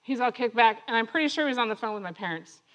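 A woman's voice: a little high, fast talker, highs cut off. A woman telling a personal story that turns into a lesson, laughing often and acting out other people's lines. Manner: laughing often, animated retelling; acts out other voices in her story. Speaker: speaker sharing a testimony.

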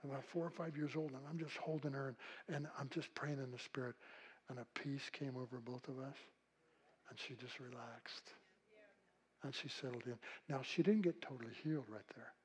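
An older man preaching a sermon with a husky voice, telling folksy stories and swinging from loud calls to hushed, quiet passages. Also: mid-range voice, fairly even intonation, moderate pace, low-quality recording. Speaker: pastor.

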